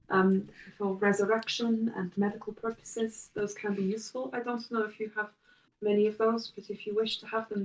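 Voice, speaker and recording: A woman voicing a formal, hesitant noblewoman in a tabletop game, speaking politely with many pauses. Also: medium pitch, lightly acted. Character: formal, hesitant noblewoman who has abdicated. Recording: roomy, distant mic.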